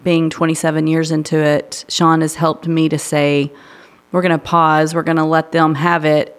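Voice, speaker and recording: A middle-aged woman, a guest, talking about parenting in a measured, thoughtful way. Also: low voice. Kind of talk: casual chat.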